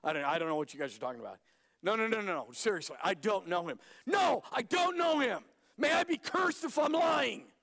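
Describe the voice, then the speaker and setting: A preacher voicing a panicked man frantically denying he knows his friend, stammering and shouting. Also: high-pitched, sing-song, brisk, gravelly, pitched above the performer's own voice, heavily acted. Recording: echoey hall.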